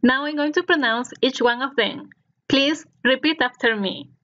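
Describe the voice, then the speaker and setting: Woman teaching slowly and clearly, lo-fi sound. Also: high voice, sharp tone. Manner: slow, clear enunciation for learners to repeat. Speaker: Spanish teacher. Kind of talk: scripted language lesson narration. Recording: dull lo-fi recording.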